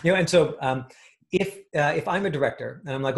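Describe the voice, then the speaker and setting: A man's voice: fairly high pitch, brisk, creaky. A man coaching an acting class, talking in a rambling way with many fillers and restarts.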